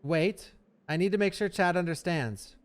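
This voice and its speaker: A male streamer giving live gameplay commentary, excitable and chatty with his viewers. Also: high voice, moderate pace, background noise. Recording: game music behind voice.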